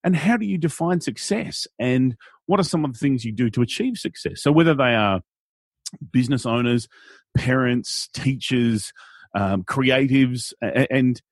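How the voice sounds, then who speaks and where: As an interview guest, this Australian event MC chats animatedly and playfully, acting out quotes in silly voices. He speaks at normal speed in a mid-range voice, recorded dry with studio quality.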